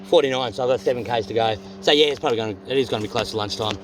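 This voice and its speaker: A man's voice: mid-range voice, very fast, noisy background. A man with an Australian accent chatting casually while paddling a canoe on a river, blunt and rambling, swearing freely. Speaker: vlogger on a canoe trip. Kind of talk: casual vlog chat.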